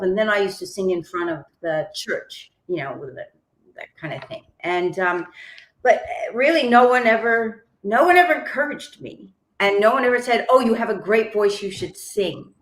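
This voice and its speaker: A woman's voice: medium pitch, expressive, moderate pace, a bit bright, echoey room. A woman singer-songwriter and author, chatting as a podcast guest in a self-deprecating way and laughing often. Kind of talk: casual interview chat. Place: lives in Melbourne.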